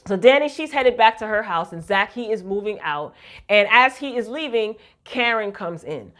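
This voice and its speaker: A woman talks through a TV episode recap in a loose, chatty way. She is animated and slangy, talking straight to her viewers. Her voice sits at an ordinary middle pitch for a woman. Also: normal speed. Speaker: recap vlogger. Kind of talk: casual TV recap chat.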